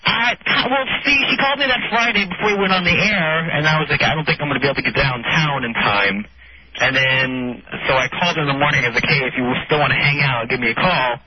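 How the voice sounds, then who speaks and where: A man calling in to a radio show and rambling about his weekend. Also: on the high side. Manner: rapid, rambling storytelling. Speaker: caller. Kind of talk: casual phone chat. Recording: muffled radio audio with loud noise.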